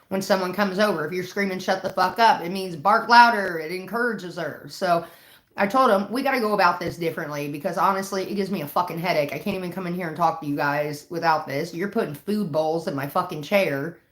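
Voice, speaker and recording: A woman's voice: mid-range voice, fairly bright tone. Profane, exasperated woman ranting in an echoey room. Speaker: livestream host. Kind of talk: casual rant on a livestream. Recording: roomy echo.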